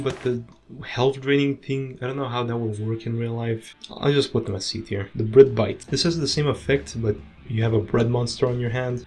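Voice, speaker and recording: A man giving casual tier-list commentary on video game weapons, with offhand, dry, quick verdicts. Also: mid-range voice. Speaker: gaming video creator.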